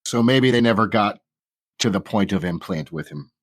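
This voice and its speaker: A man's voice: on the low side, moderate pace, no room sound, studio quality. A man in his forties playing a tabletop game, hesitant and questioning. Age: 40s. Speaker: player. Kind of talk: tabletop role-play.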